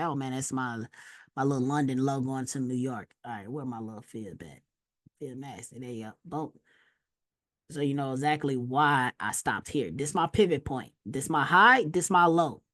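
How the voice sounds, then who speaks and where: A woman teaching a casual trading lesson over a screen share, slangy and animated, telling stories with loud exclamations. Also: sits low, dry recording, clean studio sound. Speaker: trading instructor.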